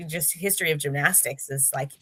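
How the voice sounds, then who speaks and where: A woman's voice: low voice, a little slow, a crowd in the background. A woman guest in a casual interview, telling stories in a chatty way with many fillers and restarts. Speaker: interview guest, former gymnast.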